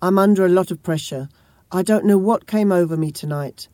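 Brief: woman reader doing a violent young husband, swings from yelling rage to weepy pleading, mellow dry read. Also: fairly low pitch, fairly quick, no echo, lightly acted. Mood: tearful pleading. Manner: harsh yelling then tearful pleading. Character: volatile abusive young husband, raging then weeping.

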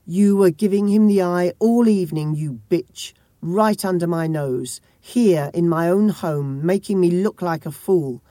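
Brief: woman reader doing a violent young husband, swings from yelling rage to weepy pleading, mellow dry read. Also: on the low side, normal speed, no room sound, lightly acted. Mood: raging. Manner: harsh yelling then tearful pleading. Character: volatile abusive young husband, raging then weeping.

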